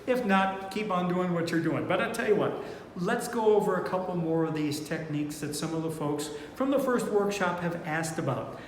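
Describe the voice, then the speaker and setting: A man teaching four-string banjo in a relaxed, unhurried way, thinking aloud with fillers as he plays. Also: high voice, slight background noise. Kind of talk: relaxed online music lesson. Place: indoor room, playing banjo while talking. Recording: echoey room with long reverb, banjo playing behind.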